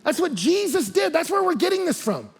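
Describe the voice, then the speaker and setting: A man's voice: extremely high pitch, sing-song, fairly quick, creaky. A man pastor preaching a sermon, telling stories animatedly and acting out the quotes.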